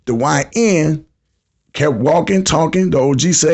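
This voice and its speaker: A man's voice: a little high, unhurried, a little mellow. A man in his fifties hosting a casual call-in podcast, telling stories in heavy slang and acting out the people he quotes. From United States. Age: 50s. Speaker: podcast host.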